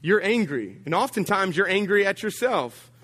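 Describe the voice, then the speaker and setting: A man preaching a sermon to his congregation in a slightly high voice. He tells stories with humour, jumps suddenly in pitch and loudness, and calls out to his listeners. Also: moderate pace. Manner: humorous, animated storytelling with big swings of pitch and volume; addresses the congregation directly with call-outs. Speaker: pastor.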